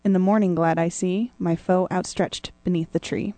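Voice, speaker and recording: A woman reads a classic poem aloud in a steady, deliberate manner. Her voice sits fairly low for a woman. The sound is dry and close. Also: no room sound. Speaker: co-host. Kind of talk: reading poetry aloud.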